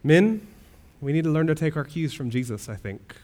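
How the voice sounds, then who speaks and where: A man's voice: on the high side, fast, darkish tone. A man pastor preaching a sermon, earnest, with rhetorical questions and rising swells of emphasis.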